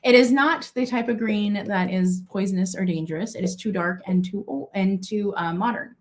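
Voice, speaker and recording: A woman's voice: medium pitch, moderate pace. A young woman from Minnesota hosting a live-stream vintage auction, chatty and gushing, with lots of fillers and asides.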